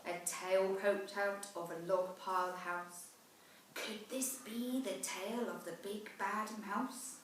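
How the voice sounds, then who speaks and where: Woman teacher reading a picture book aloud, slow and sing-song, echoey room, mic kinda far. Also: mid-range voice, slight background noise. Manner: slow, expressive rhythmic reading. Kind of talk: storybook read-aloud.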